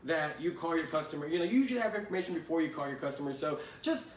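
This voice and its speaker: A man's voice: on the high side, expressive, rapid-fire. A man giving a casual spoken lesson on sales calls, talking conversationally, repeating his points and often asking "right?". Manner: conversational, repeats phrases, many "right?" tags. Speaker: sales trainer. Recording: roomy echo, distant from the mic.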